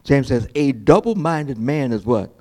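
This man's sermon moves from soft, slow quotations into energetic, high preaching; as pastor he tends to repeat words and begin phrases again.

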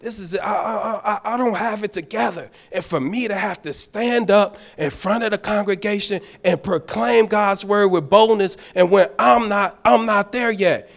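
Gravelly fervent preaching deacon, man. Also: high voice, moderate pace, hardly any pauses. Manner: fervent, repeats words and stammers restarts. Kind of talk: sermon.

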